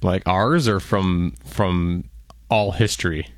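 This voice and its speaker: A man's voice: sits low, fairly even intonation, slow, dry recording. A man co-hosting a radio show, giving brief, laid-back replies in casual chat.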